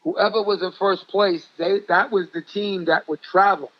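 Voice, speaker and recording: A man's voice: high-pitched, steady tone, normal speed. An older man with a New York accent telling stories in an interview, chatty and repeating himself. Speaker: guest, former ballplayer and coach. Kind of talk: interview storytelling. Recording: dull lo-fi audio.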